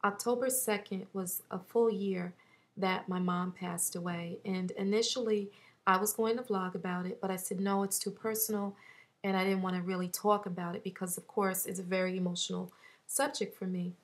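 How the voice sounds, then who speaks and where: A woman in her thirties talking through a personal loss in a vlog, halting and heartfelt, close to tears at times. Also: medium pitch, steady tone. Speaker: vlogger.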